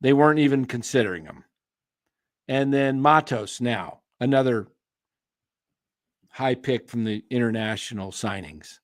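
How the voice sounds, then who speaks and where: On a casual sports live stream, a host with a mid-range voice rambles through strong opinions at an unhurried pace, restarting sentences and calling out viewers by name. His voice is going hoarse and he keeps clearing his throat. The recording is close and dry, with no echo or room sound.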